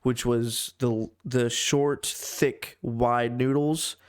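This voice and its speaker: A man's voice: medium pitch, fairly even intonation, drawn-out words, smooth. A young American man on a casual podcast, telling crude, rambling stories and swearing a lot. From United States. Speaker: podcast co-host.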